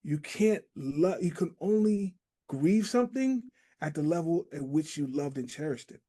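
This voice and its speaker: A man's voice: a little high, lively intonation, normal speed, mellow. A man hosting a podcast conversation, talking in a reflective, storytelling way with homely analogies. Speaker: podcast host. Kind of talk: casual conversation.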